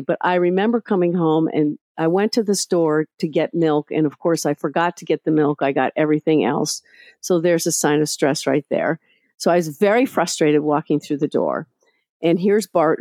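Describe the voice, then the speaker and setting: A middle-aged woman speaking as a guest in an interview, telling candid, animated stories about parenting. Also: low voice, no room sound, clean studio sound. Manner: candid and animated, acting out past scenes. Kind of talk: casual storytelling in a podcast interview.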